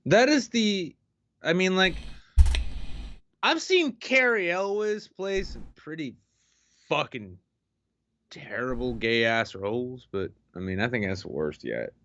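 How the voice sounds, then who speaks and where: A man's voice: mid-range voice, lively intonation, slow pace, long pauses, sharp tone, dull audio, a little hiss or hum. A man co-hosting a live-streamed podcast, joking crudely and putting on mocking voices. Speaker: podcast co-host. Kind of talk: crude comedic livestream chat.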